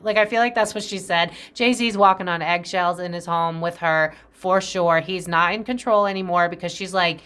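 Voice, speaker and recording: A woman's voice: medium pitch, normal speed, few pauses, a bit bright, smooth. A woman giving a casual psychic tarot reading. She talks in a chatty, profane, speculative way, jumps between tangents and often acts out quoted voices.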